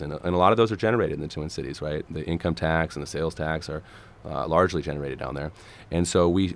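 A man in his thirties from Minnesota talks policy as a guest on a radio interview. His voice sits very low and comes out gravelly and a bit hoarse today. He speaks earnestly, stumbling into restarts and fillers as he builds his points. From Minnesota, USA. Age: 30s. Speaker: political candidate guest.

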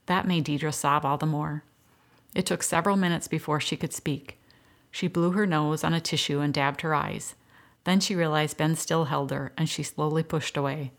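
A woman narrating an audiobook story in a steady, even storytelling manner. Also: low-pitched, normal speed, vocal fry.

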